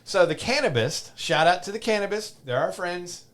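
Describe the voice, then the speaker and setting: A man's voice: sits high, animated, moderate pace, a bit bright. A middle-aged man hosting a podcast, chatting casually and joking, often repeating himself. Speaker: podcast host. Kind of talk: casual chat. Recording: faint background noise.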